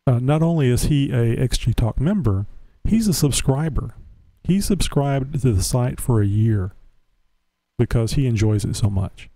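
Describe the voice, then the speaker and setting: A man's voice: medium pitch, animated, a little slow, warm tone, dry recording. A man hosting a casual live internet show, rambling and restarting his words often. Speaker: host. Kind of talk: casual livestream chat.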